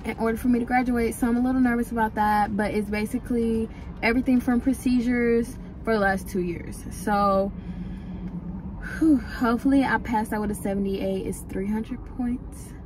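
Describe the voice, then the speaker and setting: A woman's voice: fairly high pitch, steady tone, moderate pace, noisy background. A woman in her twenties, an x-ray student, chatting casually to her viewers in a vlog, calling them "y'all.". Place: out and about, car, shops, home.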